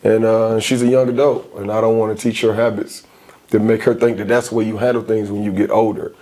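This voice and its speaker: A man's voice: lowish voice, a little fast. A man in his forties, a guest in a casual interview, telling his stories with emphasis and energy. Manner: emphatic, animated storytelling.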